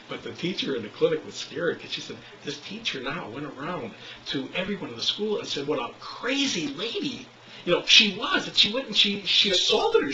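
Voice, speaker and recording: A man who runs a quit-smoking clinic tells a story to a group, voicing the people in it with wide, lively swings of a slightly high pitch. His tone is bright and forward. The recording sounds distant and roomy, with a somewhat dull top end. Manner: animated storyteller, acts out quotes. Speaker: smoking cessation clinic leader. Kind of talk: storytelling lecture.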